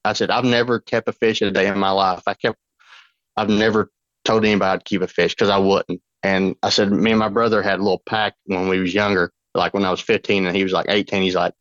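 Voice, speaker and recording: A man's voice: low voice, quick pace, no echo, dull audio. Rambling man telling a fishing story. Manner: rambling, excited, lots of fillers. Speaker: fishing guide, podcast guest. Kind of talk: casual storytelling.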